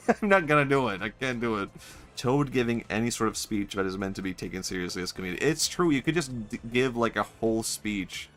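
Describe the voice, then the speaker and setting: A man's voice: on the low side, brisk, fairly bright tone, a little hiss or hum. A young man streaming a video game, rambling and joking, often swearing and laughing at his own bits. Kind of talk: casual gameplay commentary.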